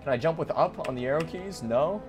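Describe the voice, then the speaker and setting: A young man doing let's play commentary, hyper and rambling, joking around and breaking into sudden loud outbursts. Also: on the high side, animated, brisk. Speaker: gaming commentator. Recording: faint game music behind.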